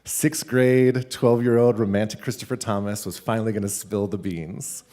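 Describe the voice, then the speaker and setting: A man, a teacher, telling a funny personal story live at a school event, animated and laughing between lines. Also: fairly low pitch, normal speed. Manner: animated, laughing, with many "like" fillers.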